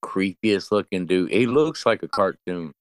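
Deep-voiced man telling a story. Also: measured pace, clean tone, no echo. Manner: rambling, profane, animated storyteller. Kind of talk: casual movie recap chat.

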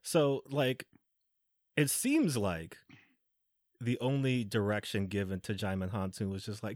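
A man's voice: fairly low pitch, expressive, a little slow, long pauses, a little mellow, dry recording, clean studio sound. A man hosting a casual film-review podcast, critiquing in a rambling, filler-heavy way. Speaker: podcast host.

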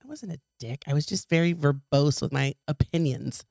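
A woman's voice: deep voice, normal speed, vocal fry, no room sound, clean studio sound. A woman co-hosting a casual podcast from home, telling brash stories with plenty of swearing. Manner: brash, swearing, animated storytelling. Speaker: podcast co-host. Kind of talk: casual banter. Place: home recording room.

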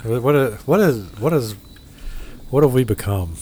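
A man's voice: medium pitch, expressive, a little slow, a little mellow, a little hiss or hum. A man with a Midwestern American accent chats casually about beer, blunt and profane, always ready with a joke. Faint room ambience sits behind his voice. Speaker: podcast host reviewing beers. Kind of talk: casual chat.

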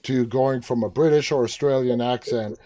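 A man's voice: medium pitch, moderate pace, mellow. A man hosting an interview, asking eager, curious questions with frequent restarts. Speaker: interview host. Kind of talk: casual interview chat.

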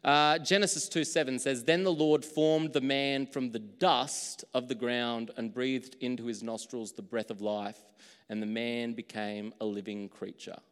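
A man preaching a sermon as pastor, in a relaxed conversational way that pokes fun at his own slips. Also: medium pitch, unhurried, smooth, long reverb tail.

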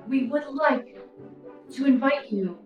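A woman's voice: sits high, slow pace, muffled recording, soft background music. A woman doing a sweet, prim old church lady. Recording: roomy, a bit distant from the mic.

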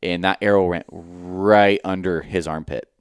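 Deep smooth-voiced man telling a hunting story. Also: unhurried, no room sound. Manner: animated storytelling, swears freely, acts out his own thoughts. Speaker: podcast co-host.

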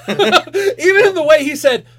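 A high, bright-voiced man talking casually on a podcast, swearing freely and acting out lines in animated voices. His pitch swings widely as he gets excited. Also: slow pace. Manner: profane, excitable, acts out quotes. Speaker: podcast co-host. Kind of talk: casual chat.

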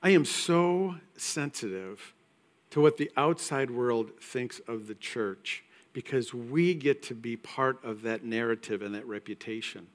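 A man preaching a sermon in a church, conversational and emphatic with quiet asides. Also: mid-range voice, a little slow. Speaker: pastor. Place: church sanctuary.

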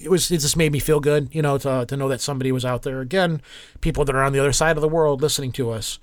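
A man's voice: medium pitch, fairly even intonation, racing, no room sound, studio quality. A man hosting a podcast in casual chat, rambling with many restarts and fillers. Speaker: podcast host.

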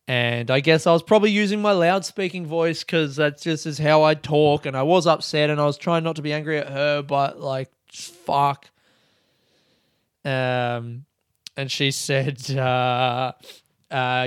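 A man in casual podcast chat, swearing freely and growing animated as he tells his stories. His voice sits a little high for a man and comes through smooth and clear, with a dry, close sound. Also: measured pace, no room sound. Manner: sweary, animated, laughs often at himself. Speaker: podcast host.

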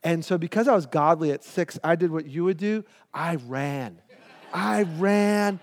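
A middle-aged man, a pastor, telling a personal story in a sermon with lively, animated delivery and acted-out voices. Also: on the high side, measured pace. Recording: long hall reverb.

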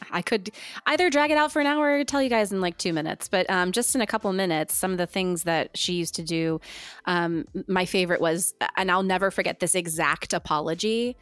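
A woman co-hosting a podcast candidly shares a personal story in casual chat, quoting what other people said. Her voice is on the low side, fairly quick and fairly bright, recorded with no echo.

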